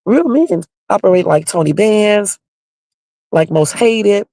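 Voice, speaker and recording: A woman's voice: mid-range voice, animated, slow, warm tone, no echo. A woman hosting her own livestream, bluntly and confrontationally sounding off while talking straight to her viewers. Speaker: livestream host. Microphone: home livestream setup.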